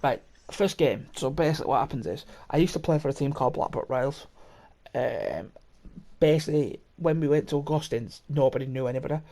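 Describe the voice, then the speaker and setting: With a mellow, mid-range voice and a fairly quick pace, a young podcast host spins a rambling, sweary story in casual conversation, full of laughter and false starts.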